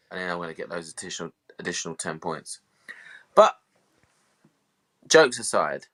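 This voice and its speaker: A man's voice: low-pitched, bright, forceful tone. A man co-hosting a podcast, grumbling dismissively in casual chat. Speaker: podcast co-host.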